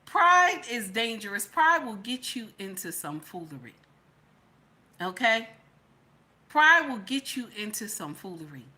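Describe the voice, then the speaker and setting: Animated, bright-voiced woman lecturing viewers. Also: on the high side, unhurried. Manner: preachy, repeats phrases, swings between loud and hushed. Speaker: commentary channel host. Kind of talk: casual commentary to viewers.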